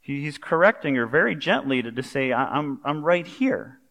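In a large hall, a man with a medium-pitched voice preaches a sermon at a normal pace. He tells it like a conversation, animated and story-driven, tossing in everyday asides and pop culture references.

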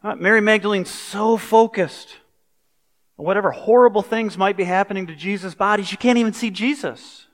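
A man delivers a sermon in a casual, storytelling manner, dropping everyday asides into his points. His voice sits a little high. It rings out with a long reverb, as if recorded in a large hall. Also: normal speed. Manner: conversational, animated storytelling with pop culture asides. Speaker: preacher.

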